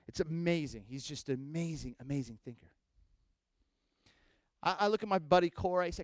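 A man preaching a sermon, telling a story with animated swings between loud bursts and hushed asides. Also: on the high side, brisk, pauses often, no echo. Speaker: pastor.

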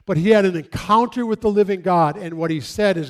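A male pastor preaching outdoors, acting out stories and quoting scripture with lively emphasis. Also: sits high, brisk, few pauses. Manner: animated, acts out stories and quotes. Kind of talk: sermon. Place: outdoors near trees.

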